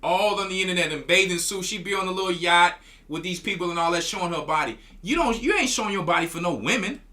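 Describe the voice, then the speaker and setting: A man's voice: high voice, fast, pushed and bright. A man, a church elder, preaching commentary in a scolding tone, often stumbling and repeating his words.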